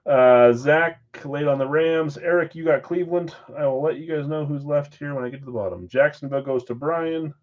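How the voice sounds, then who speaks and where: A man hosting a live-stream card break, briskly calling out names and assignments with chatty asides in between. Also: on the high side, dull audio. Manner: brisk name-and-team roll call with chatty asides. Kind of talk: casual live-stream roll call.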